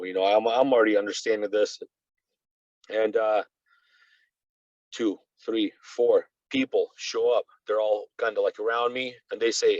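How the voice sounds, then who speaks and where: A low-voiced man from Russia, whose first language is Russian, talks as a podcast guest. He tells his stories in an animated, rambling way, dropping "you know" into nearly every thought. The recording sounds dry and a little dull and lo-fi. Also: normal speed, no echo. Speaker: guest reporter. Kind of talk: casual conversational storytelling.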